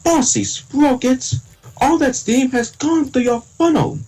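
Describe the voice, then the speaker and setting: Brief: man voicing a chirpy little tank engine, high, slow, sing-song, husky edge. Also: darkish tone, full character voice, low-quality recording. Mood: cheerful. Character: cheerful young male tank engine.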